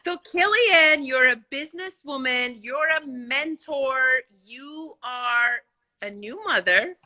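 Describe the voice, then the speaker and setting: A woman hosting a casual livestream chat from her couch, telling stories in an animated, bubbly way. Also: high-pitched, slow. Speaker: host. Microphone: phone.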